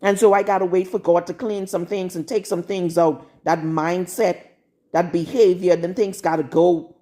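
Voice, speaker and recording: A woman's voice: fairly low pitch, fairly even intonation, moderate pace, dark tone. A woman preaching a live-streamed sermon in a blunt, scolding, confrontational manner. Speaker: prophetess.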